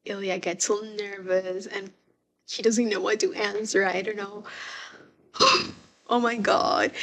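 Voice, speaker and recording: A young woman giving casual reaction commentary on a TV show, excitable and swearing, breaking into laughs. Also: medium pitch. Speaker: show reviewer.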